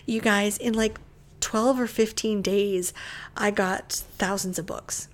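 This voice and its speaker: A middle-aged woman hosting her own podcast, telling a personal story in a candid, expressive way with laughs and whispered asides. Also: mid-range voice, slow. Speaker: podcast host and bookshop owner.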